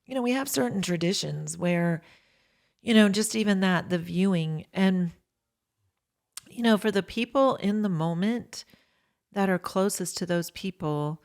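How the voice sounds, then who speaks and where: A woman's voice: mid-range voice, unhurried, vocal fry, darkish tone. A woman co-hosting a podcast who talks hesitantly, hunting for words as she goes. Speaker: podcast co-host. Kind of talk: reflective podcast conversation.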